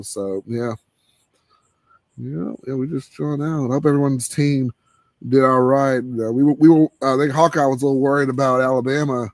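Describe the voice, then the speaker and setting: A man hosting a live cigar show in casual chat, laid-back and laughing, trailing off into low murmurs. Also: a little mellow, no echo.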